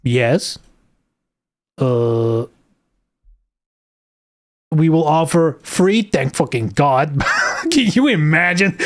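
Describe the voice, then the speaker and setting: A man's voice: on the high side, sing-song, extremely slow, long pauses. A man streaming live, reading game news aloud and ranting about it sarcastically, swearing often.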